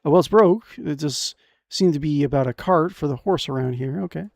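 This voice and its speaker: This young man's voice is a little high, gravelly and fairly quick, captured at studio quality with no echo. He's streaming a fantasy adventure game, giving excitable, jokey commentary as he reads the game text aloud and makes crude cracks.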